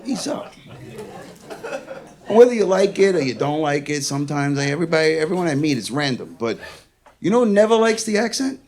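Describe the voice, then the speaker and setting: A man's voice: a little high, sing-song, a little fast, long pauses, a crowd in the background. A young man with a Queens, New York accent doing a brash, swearing stand-up set in a comedy club. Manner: brash, swearing, exasperated storytelling. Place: comedy club with live audience. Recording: audience laughter in club.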